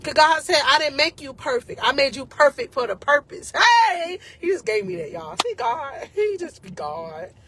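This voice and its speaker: A woman's voice: high-pitched, very animated, normal speed, hardly any pauses, a bit bright, a little hiss or hum. A woman life coach giving an emotional, encouraging faith talk to her viewers, casual and often close to tears.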